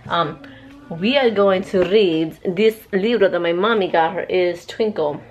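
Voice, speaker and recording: A young woman, a mother, chatting casually to a handheld camera at home, expressive and talkative, dropping in Spanish words. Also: on the low side, a little slow, muffled recording, a little hiss or hum. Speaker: mother and family vlogger. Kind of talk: casual vlog chat to camera. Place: at home, indoors.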